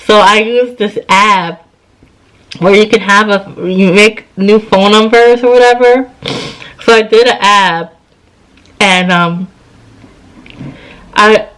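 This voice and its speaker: A woman in her thirties tells a personal story in a relaxed, chatty way. She sounds tired and acts out what each person said. Her voice sits at an ordinary middle pitch. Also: takes it slowly, pauses often, low-quality recording. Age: 30s. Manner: chatty, retells scenes with quoted dialogue. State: tired, yawning. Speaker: vlogger. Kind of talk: casual storytime.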